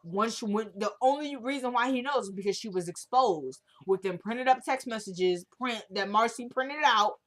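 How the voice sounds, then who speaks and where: A woman's voice: on the high side, moderate pace, few pauses, fairly bright tone. A woman casually recapping a TV drama episode, opinionated and chatty, acting out characters' lines as she retells the scenes. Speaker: show recap host.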